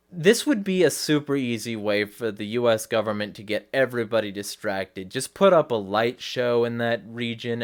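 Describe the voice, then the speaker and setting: A man's voice: lowish voice, clean tone. A man hosting a livestream, giving blunt, profane commentary and often restarting mid-sentence. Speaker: host.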